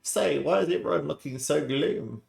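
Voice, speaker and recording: A man's voice: fairly high pitch, normal speed, gravelly, a little mellow, reverberant, soft background music, pitched above the performer's own voice. A man voicing an eager, cheeky young male army private.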